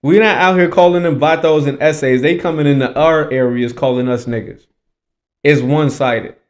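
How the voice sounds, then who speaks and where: A man's voice: a little high, normal speed. A man hosting a reaction commentary, talking in an emphatic, preachy, repetitive way. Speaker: commentary host.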